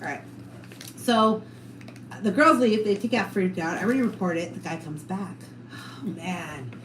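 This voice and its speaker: A woman's voice: fairly low pitch, lively intonation, moderate pace, fairly bright tone. A woman telling stories in casual chat, acting out the voices of the people in them and swearing freely. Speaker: storyteller on a podcast. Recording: roomy room with background noise.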